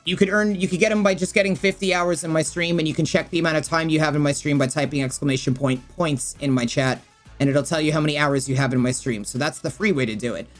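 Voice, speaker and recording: A woman gaming streamer and YouTuber with a deep, steady voice talks quickly as she guides viewers through game settings. She rambles casually, thinking out loud with plenty of fillers. Faint music plays behind her.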